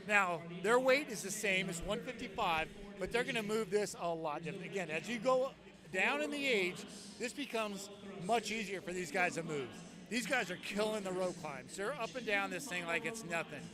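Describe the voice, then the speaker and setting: A man with a fairly high voice gives plainspoken, folksy color commentary. A crowd is clearly audible behind him at the competition venue. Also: animated, normal speed. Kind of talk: live sports commentary.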